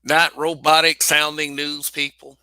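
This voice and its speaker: Blunt, bright-voiced male livestream host. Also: on the high side, monotone, measured pace, clean tone, dry recording. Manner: blunt and profane, with frequent restarts and repeated phrases. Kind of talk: casual livestream commentary.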